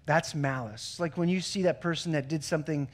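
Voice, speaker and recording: A man's voice: a little high, fairly quick. A man pastor giving a sermon in a conversational way, with joking asides and stories. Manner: conversational preaching with joke-telling asides.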